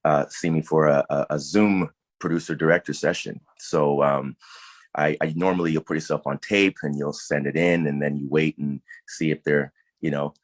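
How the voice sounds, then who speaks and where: Very deep-voiced actor talking warmly. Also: male voice, fairly even intonation, moderate pace, dry recording. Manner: thoughtful, many fillers and restarts. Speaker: actor, interview guest. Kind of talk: casual interview answers.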